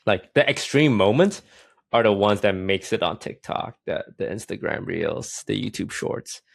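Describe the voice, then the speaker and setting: A man co-hosting a podcast, explaining things in a relaxed, casual way with some fillers. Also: on the low side, moderate pace, creaky, no room sound. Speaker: podcast co-host, streamer.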